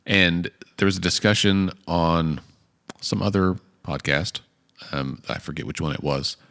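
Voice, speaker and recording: Male podcast co-host with a very deep voice, thinking aloud through a loose political chat while hiccuping. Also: a little slow, a bit bright. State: has hiccups.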